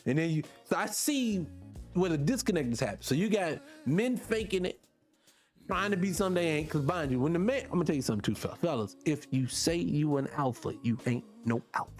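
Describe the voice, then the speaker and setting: A man's voice: fairly high pitch, expressive, brisk, faint music behind. Blunt preachy radio host, man. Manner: blunt, preachy, addresses listeners directly. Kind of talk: casual morning radio talk.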